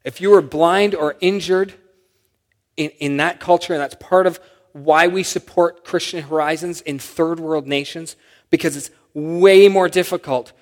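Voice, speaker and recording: A man preaching a sermon as pastor, animated, rising to loud acted-out shouts when quoting. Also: a little high, long reverb tail. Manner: animated, acts out shouted quotes with sudden loud rises.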